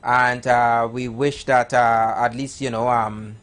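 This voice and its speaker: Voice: medium pitch, little pitch movement, takes it slowly, fairly bright tone. A radio host with a Trinidadian accent, talking in playful, rambling live banter with many fillers and restarts.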